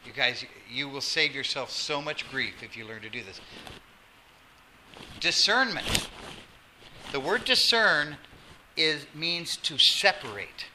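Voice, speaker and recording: Animated male pastor preaching. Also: on the high side, slow, pauses often. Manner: animated, drops to soft emphasis, acts out quotes. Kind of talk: sermon. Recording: noisy sermon recording.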